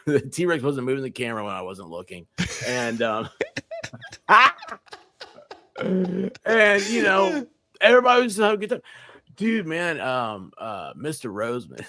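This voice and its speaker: A man's voice: a little high, fairly bright tone, dry recording. A man co-hosting a casual livestream, rambling through anecdotes and acting out quoted lines while laughing mid-sentence. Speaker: livestream co-host. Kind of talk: casual storytelling chat.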